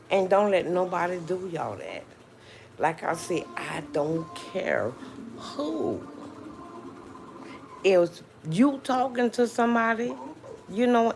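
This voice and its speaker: Speaking to her livestream audience in a relaxed way, this host from New Orleans, Louisiana has a mid-range, darkish voice with a faint hiss or hum behind it. Her New Orleans accent comes through in a drawl, and she says mm-hmm often.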